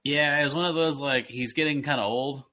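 A man in his thirties co-hosting a podcast, rambling excitedly with many restarts. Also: mid-range voice, fairly quick. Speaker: podcast co-host. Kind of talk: casual chat.

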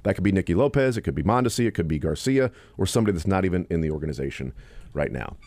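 Low-voiced man hosting sports radio. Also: expressive, racing, a little mellow, dry recording. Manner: rambling, thinking aloud with fillers.

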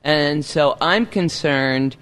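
A man co-hosting a casual cooking chat, explaining his habits in a measured, thoughtful way. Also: a little high, fairly bright tone, smooth.

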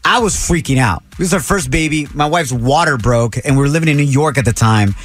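A man with a fairly high voice hosts a morning talk show. He banters and tells stories playfully, teasing his co-hosts. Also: expressive, fairly bright tone, soft background music. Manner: playful, teasing, quick to laugh. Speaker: radio morning show host. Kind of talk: casual banter and anecdotes.

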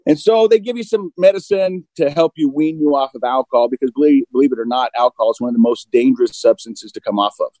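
Candid mid-forties man with a mellow voice. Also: mid-range voice, quick pace, hardly any pauses, no room sound, poor audio. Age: 40s. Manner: open and self-deprecating, acts out both sides of dialogue. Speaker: guest recounting recovery. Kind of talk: candid conversational storytelling.

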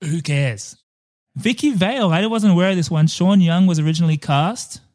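A man with a slightly higher-than-average voice co-hosts a relaxed film podcast. He talks in a playful, loose way, cursing freely and drifting into comic tangents. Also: a little fast. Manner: jokey, swearing, tangents. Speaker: podcast co-host. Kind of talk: casual film podcast chat.

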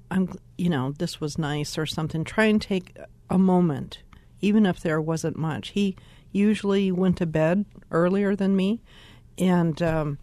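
A woman's voice: on the low side, mellow, no room sound. Reflective older woman telling stories. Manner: reflective storyteller, many fillers like uh and you know. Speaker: podcast guest. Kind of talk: conversational podcast talk.

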